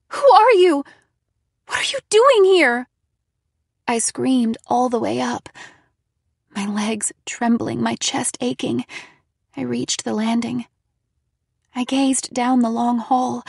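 Slow gravelly woman narrating a horror story. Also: on the high side, no echo, clean studio sound. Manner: dramatic, shifting into loud frightened shouts for quoted lines. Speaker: audiobook reader. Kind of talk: first-person audiobook narration.

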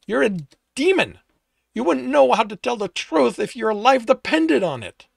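A man's voice: fairly high pitch, animated, measured pace, no room sound. A man playing a defiant young hunter who talks back sharply and with scorn. His lines jump up above the narration. The reading stays close and dry. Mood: scornful. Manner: sharp, raised, scoffing.

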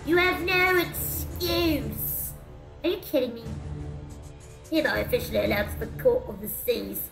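A woman's voice: high-pitched, echoey room. A woman streaming as a VTuber, chatting goofily through a game with jokes and the odd swear. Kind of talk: gameplay commentary.

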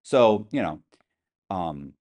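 Man, low voice, very lively pitch, blunt storyteller, casual interview. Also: slow pace, highs cut off. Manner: animated storyteller acting out quoted voices; blunt, swears freely. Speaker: interview guest.

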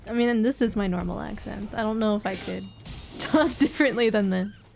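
A woman streamer chats casually during gameplay, rambling giggly through stories and laughing often. Her medium-pitched voice is gravelly and brisk, with faint music in the background.

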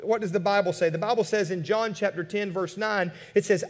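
A male pastor preaching a sermon in a church, animated, firing rhetorical questions and dropping into quiet asides. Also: high-pitched, moderate pace, hardly any pauses, big-room sound. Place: church sanctuary.

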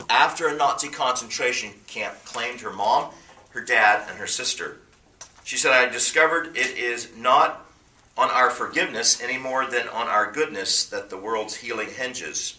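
Bright, emphatic preaching man. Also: medium pitch, roomy sound, recorded from a distance, a little hiss or hum. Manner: preaching with emphatic, rising bursts. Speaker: pastor. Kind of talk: sermon.

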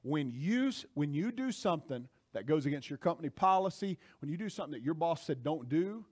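Male pastor, animated sermon delivery, high voice with big swings, quiet to shouting. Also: fairly quick. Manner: animated preaching, swings from soft asides to shouting.

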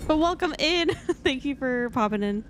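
A young woman streaming a game, chatting casually with her viewers, excitable and dramatic, laughing often. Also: high-pitched, normal speed, slight background noise. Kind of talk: casual gameplay commentary.

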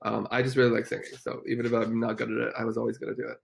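A young adult hosting a casual home livestream, reading viewer comments aloud, effusive and quick to laugh, sometimes cooing baby talk to a dog. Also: mid-range voice, little pitch movement, vocal fry, slight background noise. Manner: giggly and effusive, laughs often. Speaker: livestream host.

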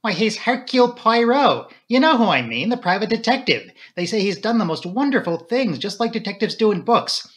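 A man's voice: on the high side, lively intonation, brisk, bright, forceful tone. A man voicing a young woman who is earnest, resolute and defiant, in an audiobook reading. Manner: pleading, insistent.

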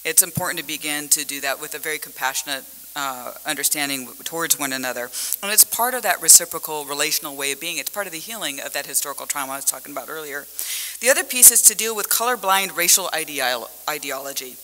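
Woman academic on a conference panel, bright and lively, acting out the dialogue, with long hall echo. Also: low-pitched, quick pace, a little hiss or hum. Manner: animated storytelling, acts out dialogue, laughs often. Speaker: university professor on a conference panel. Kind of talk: conference talk with slides.

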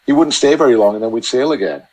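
A man chatting as a podcast guest, telling long, halting anecdotes full of restarts. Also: mid-range voice, expressive, darkish tone, slightly rough, poor audio. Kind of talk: casual storytelling chat.

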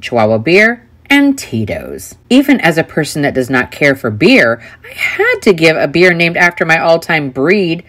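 A woman's voice: deep voice, big pitch swings, normal speed, hardly any pauses, fairly bright tone. A woman of fifty vlogging her birthday in a chatty, upbeat way. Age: 50s. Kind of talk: casual vlog narration and chat. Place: outdoor park event. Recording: busy crowd and street noise.

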